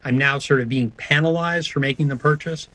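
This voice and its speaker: A man's voice: mid-range voice, fairly even intonation, fairly quick, bright, forceful tone, low-quality recording. A man speaking as a guest in an interview, answering in a hesitant way with many restarts. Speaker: sonic branding guest.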